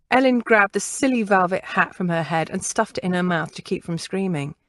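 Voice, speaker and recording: Woman narrator for a historical novel; lower voice, dry, measured and expressive delivery. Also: no room sound. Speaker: audiobook narrator. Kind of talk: scripted narration.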